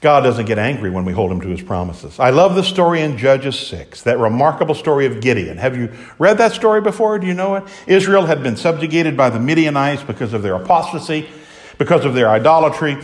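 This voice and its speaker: A man delivers a sermon in a medium-pitched, expressive voice at a fairly quick pace, swinging dramatically between loud exclamations and hushed asides. He acts out the voices of biblical characters as he goes.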